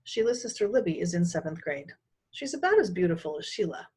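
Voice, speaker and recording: A woman teacher reading a children's book aloud, her voice husky and breathy. She reads with lively, swooping pitch and plenty of expression. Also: brisk. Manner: expressive, animated storytelling. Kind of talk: storybook read-aloud.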